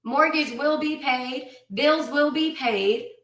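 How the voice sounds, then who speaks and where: A woman's voice: high voice, slow pace, fairly bright tone. A woman in her thirties giving a blunt, profane, emphatic personal account as an interview guest. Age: 30s. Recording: roomy sound, mic at a distance.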